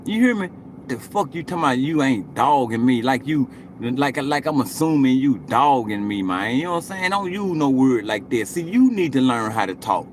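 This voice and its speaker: A man in his late forties streams live and talks at his viewers in an unhurried, meandering way. He swears often and keeps looping back to the same points. His voice sits at an ordinary middle pitch, and a faint background noise runs under it. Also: big pitch swings. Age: 40s. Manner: rambling, profane, repeats "you know what I'm saying".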